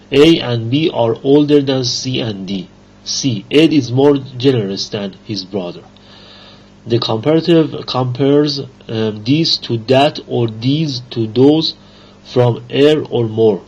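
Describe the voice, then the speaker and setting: Guy slowly reading thru grammar rules, kinda husky, muffled lo-fi sound. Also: mid-range voice, a little mellow. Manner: slow, halting reading with fillers. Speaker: English grammar teacher. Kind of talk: reading grammar lesson aloud. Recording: dull lo-fi recording.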